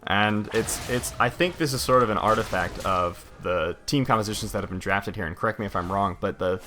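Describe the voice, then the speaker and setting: Man, esports play-by-play caster, bright tense voice, faint music behind. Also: fairly low pitch, fairly quick. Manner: excited play-by-play calling of fights.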